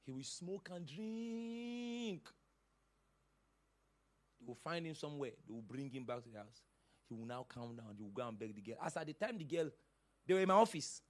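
A man's voice: fairly high pitch, animated, moderate pace, pauses often. A male pastor preaching a sermon in an emphatic, dramatic manner, with sudden outbursts.

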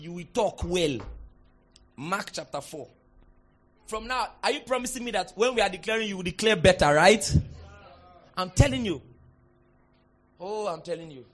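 High-voiced Nigerian preacher shouting declarations. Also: male voice. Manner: animated, shifts from soft asides to shouted declarations. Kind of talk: sermon.

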